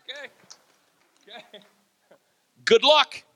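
A man preaching a sermon, animated, laughing and acting out quotes. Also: extremely high pitch, takes it slowly, pauses often. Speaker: pastor.

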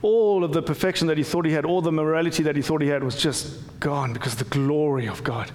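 A man's voice: a little high, fairly even intonation, fast, a little mellow, in a large hall. A man preaching a conversational sermon as pastor, with frequent restarts and repeated words. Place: church.

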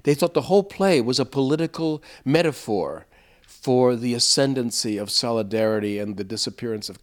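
A man recalling his theater touring days in an interview, storytelling with lively asides and frequent restarts. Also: medium pitch. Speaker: interviewed former puppet theater actor.

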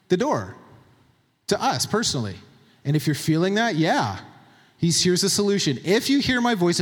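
Lively high-voiced male preacher in a reverberant hall. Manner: animated, emphatic, reads scripture aloud and comments on it; drops to a quiet, low voice for tender points. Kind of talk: sermon.

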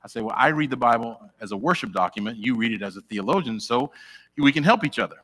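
A man's voice: medium pitch, quick pace. A middle-aged man preaching a sermon in a church, chatting directly with his congregation and asking them questions. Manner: animated, conversational, talks directly with the congregation.

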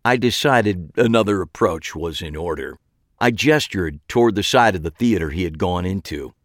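A man's voice: low-pitched, expressive, moderate pace, no room sound. A man narrating a first-person story in a dry, wry way.

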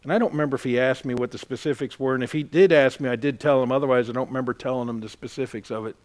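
A man's voice: medium pitch, racing. A man preaching a sermon as a pastor, earnest and emphatic as he tells a personal story.

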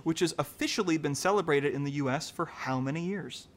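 A man's voice: fairly high pitch, a little fast. A man hosting a casual quiz show, reading questions aloud and chatting about the answers with easy laughs. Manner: reads questions then chats and laughs easily. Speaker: quiz host.

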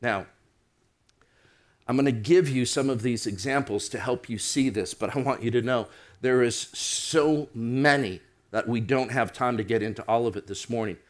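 A man preaching a sermon, reading scripture and slowing down and rising for emphasis. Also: mid-range voice.

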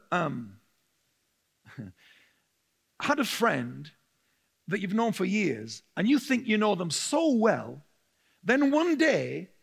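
A male preacher delivering a lively, humorous sermon. His voice sits high for a man and has a gravelly edge, and he often laughs as he tells his stories. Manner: humorous, laughing, animated storytelling. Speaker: pastor.

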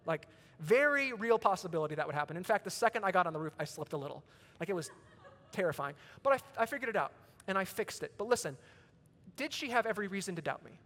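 High-voiced man preaching in echoing hall. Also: sing-song, fast, a bit bright. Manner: conversational storytelling preacher, rising to emphatic peaks. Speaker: pastor. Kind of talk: sermon. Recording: long reverb of a large hall.

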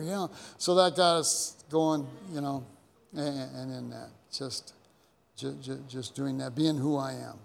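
A man's voice: on the high side, fairly even intonation, moderate pace, vocal fry, darkish tone. A man preaching a sermon as pastor, telling stories in a rambling way with many repeated words and restarts. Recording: long hall reverb.

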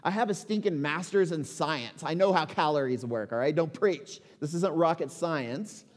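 A man in his forties delivers a sermon in a fairly high voice, moving between easy conversational asides and emphatic rhetorical questions. A long hall reverb trails behind his words. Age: 40s. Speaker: pastor.

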